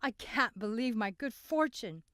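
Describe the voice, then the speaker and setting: A woman voicing a surly young man who sneers and snarls, read louder than her narration in a close, dry recording. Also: fairly high pitch, expressive, unhurried, no room sound, pitched above the performer's own voice. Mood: gloating.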